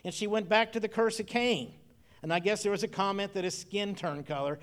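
Folksy, slightly high-voiced male preacher. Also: a little fast, a bit bright. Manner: folksy storytelling with personal memories and repeated phrases. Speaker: pastor. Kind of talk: sermon.

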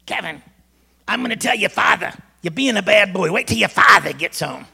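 A woman's voice: mid-range voice, lively intonation, moderate pace, gravelly, slightly rough, voice pushed up, heavily acted. A man imitating his angry mother with a Massachusetts accent, scolding her young son. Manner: stern, scolding, shouting orders.

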